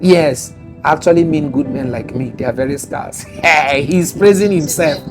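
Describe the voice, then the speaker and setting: A man's voice: on the high side, big pitch swings, moderate pace, faint music behind. A Nigerian man giving a motivational talk, emphatic and repetitive, with teasing asides. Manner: emphatic, repetitive and teasing, sliding into mocking voices. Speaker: motivational speaker.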